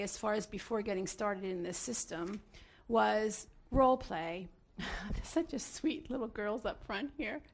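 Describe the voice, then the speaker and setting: A middle-aged woman addresses a live audience in a fairly high voice with a gravelly edge. She is earnest and emphatic, landing her points firmly. A folksy, self-deprecating humor runs through her talk. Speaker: speaker at a parenting talk.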